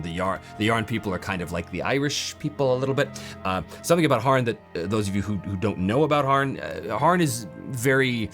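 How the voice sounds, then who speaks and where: Male host, mid pitch, eager and rambling, casual walkthrough, light background music. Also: a bit bright. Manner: enthusiastic, rambling, many fillers and restarts. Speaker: channel host reviewing a game book.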